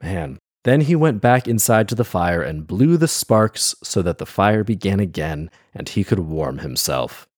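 A man's voice: sits low, animated, measured pace, hardly any pauses, dry recording, studio quality. A man reading a fairy tale aloud and breaking off for wry, sarcastic comedic commentary. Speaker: storyteller and commentator.

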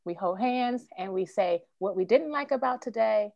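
A woman's voice: medium pitch, expressive, moderate pace, creaky, a little mellow, dry recording, muffled recording. Earnest woman with a dry close sound. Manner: earnest, emotional, faith-driven storytelling. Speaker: podcast guest. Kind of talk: candid interview conversation.

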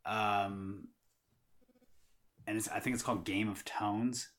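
A man with a fairly low voice chats casually as a podcast co-host. He tells a story in a rambling way, stopping and restarting often. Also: fairly even intonation, slow pace, a bit bright. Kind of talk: casual chat.

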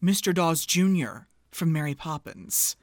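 A woman's voice: low-pitched, lively intonation, measured pace, no room sound, clean studio sound. A woman co-hosting a podcast in casual chat, playful and laughing often as she rattles off lists. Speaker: podcast co-host.

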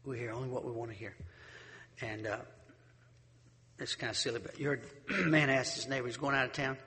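A middle-aged man preaching a sermon, asking the congregation rhetorical questions and telling stories in a lively, conversational way. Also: mid-range voice, fairly quick, long reverb tail. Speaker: pastor.

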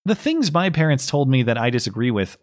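A man with a cold co-hosting a podcast, talking in a measured, hedging way about politics. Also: mid-range voice, big pitch swings. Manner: measured, hedging, laughs along. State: has a cold. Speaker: podcast co-host. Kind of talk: casual political chat.

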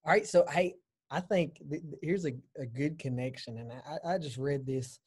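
A man in a casual church discussion, talking in a relaxed way with many hesitations. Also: on the high side, normal speed, breathy edge.

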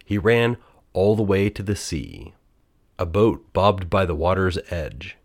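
Deep-voiced man reading a children's story. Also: lively intonation, measured pace. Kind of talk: storybook read-aloud narration.

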